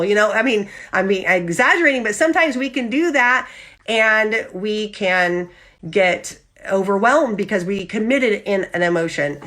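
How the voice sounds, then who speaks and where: Woman giving a live faith talk, lively, middle pitch, keeps saying okay?. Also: moderate pace. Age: adult with husband and child. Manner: animated, often checks in with "okay?"; acts out lively quoted voices. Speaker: Christian women's devotional host. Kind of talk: live devotional teaching.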